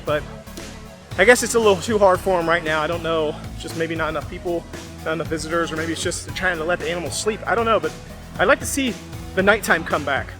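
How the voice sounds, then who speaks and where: A middle-aged man with a fairly high voice, rambling happily through a casual vlog. Music plays clearly in the background. He raves about food and chats loosely. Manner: enthusiastic, rambling food reviewer. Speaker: theme park vlogger.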